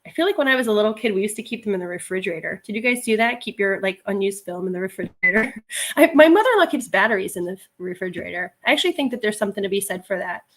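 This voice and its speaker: A woman's voice: medium pitch, animated, rapid-fire, fairly bright tone. A middle-aged woman chatting casually on a livestream, reading viewer comments, laughing often and wandering into asides. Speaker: livestream host, reseller.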